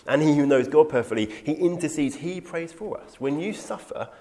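A man's voice: on the high side, lively intonation, normal speed, dark tone. A man teaching through a Bible passage in an earnest, emphatic way, quoting scripture and taking questions. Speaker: preacher.

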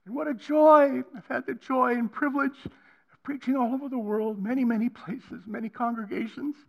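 An older man preaching a personal testimony on a college campus, swinging between hushed passages and loud emphatic ones. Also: extremely high pitch, steady tone, moderate pace, creaky. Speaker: guest preacher.

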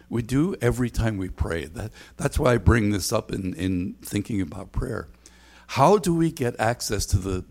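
A man's voice: medium pitch, creaky, darkish tone. An older man preaching a sermon in an earnest, conversational way, often restarting his phrases. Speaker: pastor.

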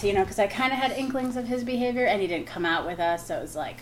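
Woman comic, animated anecdote delivery, laughs through it, acts out the quotes. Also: mid-range voice, fast, few pauses, a little hiss or hum. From Wisconsin. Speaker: guest comic. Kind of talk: casual storytelling.

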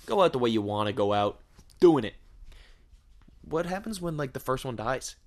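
A man's voice: medium pitch, big pitch swings, moderate pace. A man hosting a podcast, rambling through a crude, joking monologue full of swearing and rhetorical questions. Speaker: podcast host. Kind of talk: casual comedic podcast monologue.

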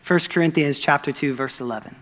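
A young man delivers a sermon in an earnest, animated way. His voice sits somewhat high for a man. It rings out with the long reverb of a church sanctuary. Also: fairly quick. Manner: earnest, excited, animated retelling with quoted dialogue. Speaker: pastor. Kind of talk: sermon storytelling.

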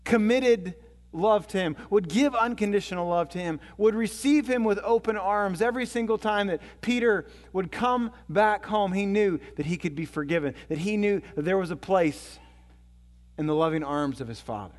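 A male pastor delivering a sermon with a fairly high voice, his words ringing through a long hall reverb. He tells stories, climbing loud and excited, then dropping to a hushed, low tone. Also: moderate pace.

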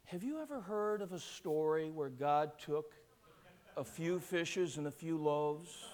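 Bright, high-voiced preaching pastor. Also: male voice, slight background noise. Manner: preaching with rising shouts and call-and-response. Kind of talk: sermon.

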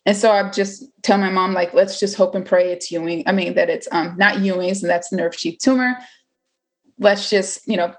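Woman, twenties, personal storytelling, chatty, candid, filler-heavy. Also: medium pitch. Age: 20s. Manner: candid, chatty, full of fillers and acted-out quotes. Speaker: cancer survivor telling her story.

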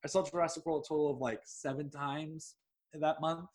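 A man who teaches English telling a personal story in a rambling, excitable way, swearing freely and laughing mid-sentence. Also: on the high side, moderate pace. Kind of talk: casual anecdote telling.

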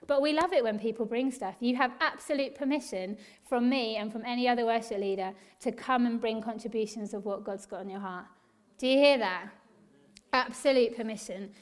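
A woman worship leader giving an eager, encouraging church talk to a congregation, quick and laughing often. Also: on the high side.

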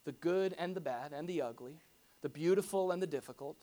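A pastor giving a conversational sermon to a congregation, animated and full of rhetorical questions and casual asides. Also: mid-range voice, fairly quick. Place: church hall before a congregation.

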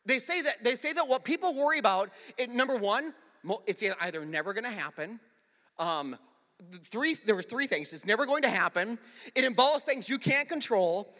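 A middle-aged man preaching in a big church, his high, bright voice trailing long reverb through the hall. He tells stories in a loose, conversational way, then builds up to strong, emphatic points. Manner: conversational storytelling, swells to forceful emphasis. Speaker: pastor. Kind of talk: sermon. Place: large church.

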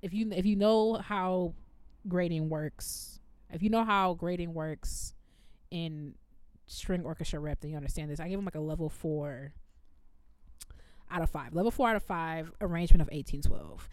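A woman, co-hosting a casual chat and telling animated stories as a former music teacher. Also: lowish voice, normal speed, dry recording. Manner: animated storytelling, quoting herself.

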